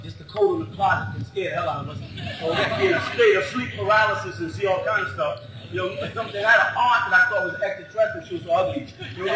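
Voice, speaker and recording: Male lecturer, animated and argumentative, laughs often, recorded in a very echoey hall with faint background noise. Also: sits high. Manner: argumentative, heavy on rhetorical questions, laughs often. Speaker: lecturer answering audience questions. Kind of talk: animated public lecture to a live audience.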